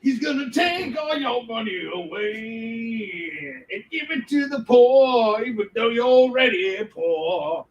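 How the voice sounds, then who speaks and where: A man doing a booming male trailer announcer who hypes a hero with slow, drawn-out shouting. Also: animated, reverberant, muffled recording, exaggerated voice. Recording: distant mic, faint background noise.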